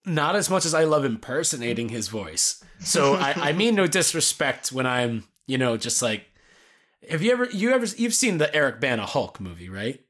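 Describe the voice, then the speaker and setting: A man's voice: mid-range voice, very animated, moderate pace, fairly bright tone. A man casually reviewing a movie with a co-host, rambling and swearing with lots of "like". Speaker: podcast co-host.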